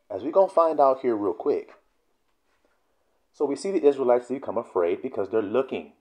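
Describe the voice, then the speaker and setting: A man leads a casual scripture lesson with a mellow, dark tone. His pitch rises and falls in an animated way. He reads verses slowly, then breaks into blunt, profane explanation. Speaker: Bible teacher. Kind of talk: casual scripture teaching video.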